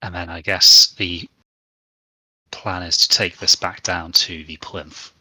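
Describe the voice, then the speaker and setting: A man narrating a tabletop game as game master, with steady descriptive narration. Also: low-pitched, takes it slowly, husky, dry recording.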